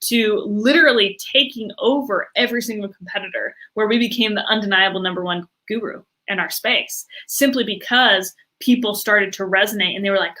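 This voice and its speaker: Bright, animated businesswoman guest. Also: medium pitch, brisk, few pauses. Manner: animated, many fillers, acts out quoted reactions. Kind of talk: enthusiastic interview talk.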